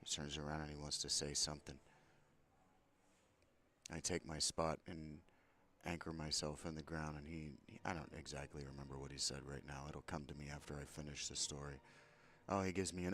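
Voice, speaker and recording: A man's voice: extremely low pitch, flat delivery, a little fast, a bit bright. A man telling an angry, profane story about a confrontation, aggrieved and heated. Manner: profane, aggrieved, retells a confrontation with mounting anger. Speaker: vlogger.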